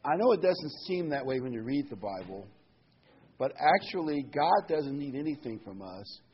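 A man's voice: medium pitch, big pitch swings, moderate pace, breathy edge. A man delivering a sermon in a conversational way, with fillers and emphatic repetition. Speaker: preacher. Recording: dull lo-fi sound with faint noise.

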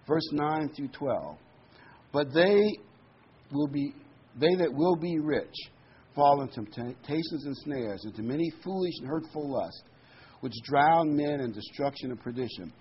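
A man preaching a sermon, talking conversationally and slowing down to read scripture with emphasis. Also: medium pitch. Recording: dull lo-fi recording with faint noise.

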